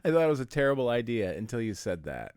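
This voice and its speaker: A man co-hosts a podcast, throwing in dry, wisecracking asides in casual chat. His pitch moves around a lot, and the sound is close and dry. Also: sing-song, fast talker, darkish tone, smooth, no echo. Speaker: podcast co-host.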